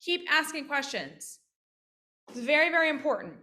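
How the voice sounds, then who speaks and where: High bright lively woman teaching. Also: normal speed. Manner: lively, interactive, keeps asking questions. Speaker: physical therapist teaching workshop skills. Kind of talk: casual online teaching with role-played examples.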